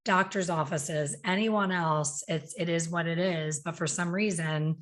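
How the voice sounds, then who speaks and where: Woman podcast host, lively storyteller, acts out quotes, fairly low voice. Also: a little slow. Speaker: podcast host, hair color educator. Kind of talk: casual podcast conversation.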